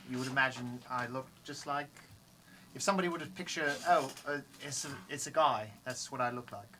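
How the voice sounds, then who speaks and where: A player voicing a plain-looking male adventurer who rambles haltingly in a tabletop game. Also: medium pitch, pushed and bright, slight background noise, close to an everyday voice. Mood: friendly.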